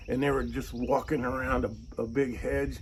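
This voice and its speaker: A man, the channel's host, telling a casual story, animated and acting out the people he quotes in raised voices. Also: medium pitch, moderate pace, a little hiss or hum.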